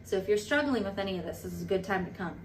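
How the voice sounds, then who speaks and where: A woman in her thirties giving a casual devotional talk as a church leader, animated and playful, with quick asides. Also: medium pitch. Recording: recorded from a distance with faint noise.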